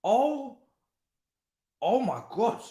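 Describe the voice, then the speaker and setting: Young guy yelling at the football on a stream, swings his pitch all over, echoey room. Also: big pitch swings, extremely slow. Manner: exclaims and reacts loudly, swears. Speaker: football watchalong host. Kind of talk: live football watchalong reaction.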